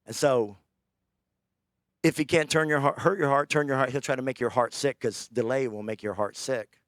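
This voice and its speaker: A man preaching a sermon, telling a scripture story with animated, acted-out character lines. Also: medium pitch, moderate pace, no echo, clean studio sound.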